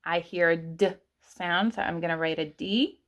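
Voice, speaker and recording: A woman's voice: fairly low pitch, fairly bright tone. A woman teaching kindergartners online, patiently stretching words out sound by sound. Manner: patient, speaks slowly to children. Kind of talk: online lesson for young children.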